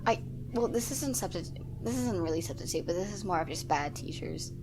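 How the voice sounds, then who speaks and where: A teenage girl in a casual podcast chat, telling a school story with hesitant, trailing pauses. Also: fairly low pitch, expressive, background noise. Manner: hesitant, trails off, thinks aloud. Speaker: podcast co-host.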